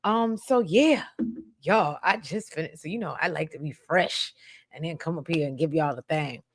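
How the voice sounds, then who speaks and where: A woman's voice: deep voice, moderate pace. A woman hosting a soap opera recap channel, talking casually to her viewers and calling them y'all. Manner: chatty, addresses viewers as y'all, drops into quoted voices.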